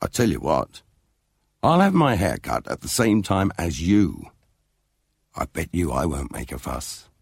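A man voices a jolly, overconfident storybook dad close to his own low voice, cajoling and lively in tone. The voice is gravelly with creak and a touch husky, recorded dry and close. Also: measured pace, no room sound, exaggerated voice.

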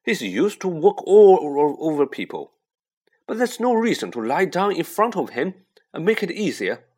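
A man's voice: fairly high pitch, very animated, normal speed, a little mellow, husky, voice pushed up. A man voicing a blunt, loyal teenage boy wizard who talks in an exasperated way.

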